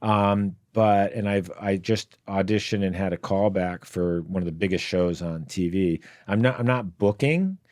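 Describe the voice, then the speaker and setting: A man's voice: deep voice, normal speed, hardly any pauses, darkish tone, no echo, studio quality. A male podcast co-host and actor, telling rambling, hesitant anecdotes full of restarts. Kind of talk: casual podcast chat.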